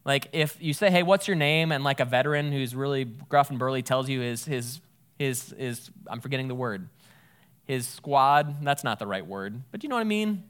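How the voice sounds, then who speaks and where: A man's voice: medium pitch, moderate pace, a bit bright, smooth. A man giving a casual, conversational Bible teaching, thinking aloud and correcting himself as he goes.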